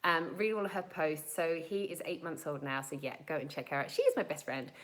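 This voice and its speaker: A woman in her thirties from South Africa, chatting casually as she answers viewers' questions live, with lots of fillers and quick laughs. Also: low voice, lively intonation, low-quality recording.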